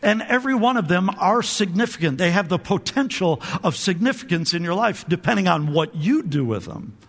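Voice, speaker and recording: A man preaching in a high, bright voice, and his words ring out through a big reverberant church hall. He keeps the congregation answering back, pushes on with energy and stumbles over repeated words as he goes. He is a pastor in the middle of a lively sermon. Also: a little fast. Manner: repeats words and restarts often. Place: church sanctuary.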